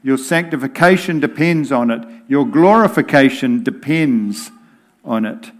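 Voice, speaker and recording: A man preaching a sermon in a deliberate, emphatic way. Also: medium pitch, lively intonation.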